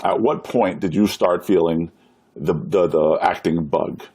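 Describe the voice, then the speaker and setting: A man with a deep, husky voice hosts a casual live-stream interview. He keeps things upbeat, asks his guest questions, and nudges viewers to share the show. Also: a little slow, darkish tone.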